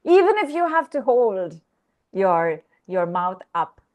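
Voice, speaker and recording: A woman coaching a group call, guiding a slow exercise and repeating affirmations. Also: medium pitch, very animated, darkish tone. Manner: slow, repetitive, instructive.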